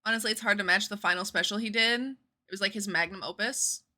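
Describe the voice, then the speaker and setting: A woman's voice: mid-range voice, fast, pushed and bright. A woman in her twenties, a livestreamer chatting casually and rambling while she plays a game, with the odd casual swear.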